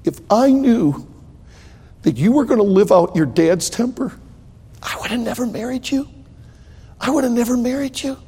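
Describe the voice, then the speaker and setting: A frank young wife speaking quietly and earnestly to her husband, voiced by an older man in his own husky preaching voice. It rings out in an echoey hall. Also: sits high, wildly swooping pitch, moderate pace, heavily acted.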